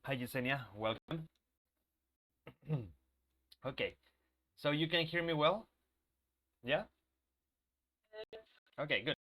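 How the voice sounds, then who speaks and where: He speaks slowly with long pauses, his voice on the high side, pushed and bright. A male English teacher with a sore throat, he leads a live online lesson, checking in patiently with students and restating key ideas.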